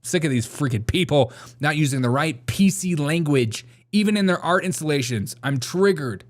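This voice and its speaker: A man's voice: fairly high pitch, expressive, moderate pace. A man hosting a comedy news show, commenting sarcastically on a video and laughing often.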